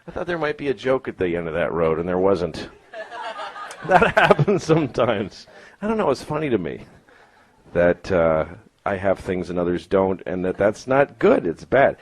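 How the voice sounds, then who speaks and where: A man's voice: low-pitched, sing-song, normal speed, low-quality recording. A man doing a stand-up set in a comedy club, rambling and profane, with self-mocking asides.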